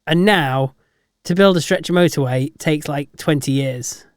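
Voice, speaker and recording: A man's voice: a little high, measured pace, no echo, clean studio sound. Easygoing man co-hosting a podcast. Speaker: podcast co-host. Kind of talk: casual chat.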